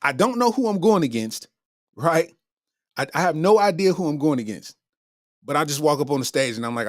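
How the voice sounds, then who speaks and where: Animated man telling a story. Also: medium pitch, fast, no echo, clean studio sound. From Kentucky. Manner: animated, acts out his own reactions. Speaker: comedian host. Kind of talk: casual storytelling.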